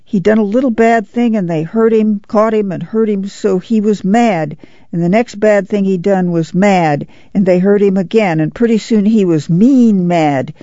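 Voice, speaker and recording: A woman voicing a worn rural farm mother who speaks slowly and earnestly in plain folksy dialect, with a gravelly edge. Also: medium pitch, dark tone, no echo, muffled recording, close to an everyday voice.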